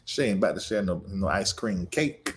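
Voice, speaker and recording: A man's voice: low-pitched, lively intonation, normal speed, slight background noise. Man preaching and grieving on a livestream. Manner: preacherly, exhorting, emotional, laughs through grief; reads viewer comments aloud and greets them. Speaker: livestream show host. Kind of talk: emotional direct-to-viewers livestream talk.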